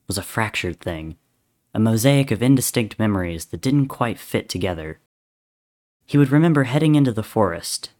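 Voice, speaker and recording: A man reading a story aloud in a measured, softly dramatic narration. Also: fairly low pitch. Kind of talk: reading fan fiction aloud.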